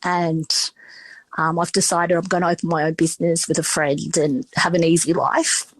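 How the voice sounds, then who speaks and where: A woman's voice: fairly low pitch, level tone, moderate pace, dry recording, poor audio. A middle-aged woman with an Australian accent telling stories in a casual interview, chatty and full of restarts and quoted dialogue. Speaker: restaurateur and podcast guest.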